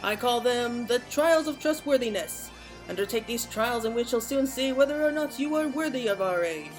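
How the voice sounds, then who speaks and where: A woman's voice: a little high, lively intonation, moderate pace, faint music behind, close to an everyday voice. A woman voicing a big, pompous male Moogle chieftain in a game, reading his lines in a stately, old-fashioned way. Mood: haughty. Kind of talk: reading game dialogue aloud.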